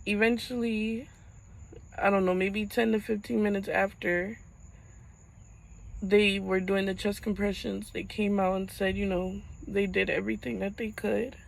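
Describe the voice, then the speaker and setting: A young woman speaks straight to her camera in a mid-pitched voice. Her voice catches and halts as she holds back tears, and she often starts a sentence over. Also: flat delivery, creaky, poor audio. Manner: halting, fighting back tears. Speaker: vlogger. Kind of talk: personal storytelling vlog.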